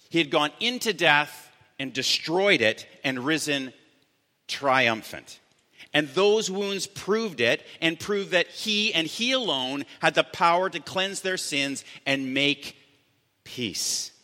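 A man preaching a sermon as pastor, earnest, slowing down to stress key words. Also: a little high, expressive, pushed and bright. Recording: long church reverb.

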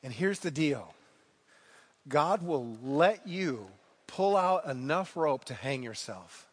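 High-voiced preacher in a reverberant hall. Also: male voice, animated, slow, breathy edge. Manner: earnest storytelling with emphatic repetitions. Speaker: pastor. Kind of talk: sermon.

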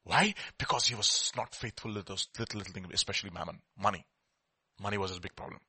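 A man preaching a sermon, swinging between quiet asides and loud emphatic lines, acting out the people in his stories. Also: fairly low pitch, fast, slightly rough, no echo. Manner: animated preaching, acts out quoted dialogue, swings from quiet to loud. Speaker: pastor.

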